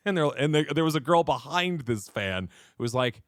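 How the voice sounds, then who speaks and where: A man streaming a game, chatting casually in an animated, laughing way and acting out little voices. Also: a little high, slow, long pauses, no echo, clean studio sound. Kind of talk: casual gaming chat.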